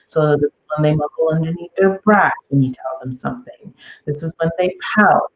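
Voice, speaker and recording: A woman's voice: low voice, moderate pace. Mom-type woman chatting parenting tips, keeps saying okay?, kinda dull lo-fi sound. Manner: chatty, frequent "okay?" and "um" check-ins. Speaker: parenting podcast host. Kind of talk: casual advice talk.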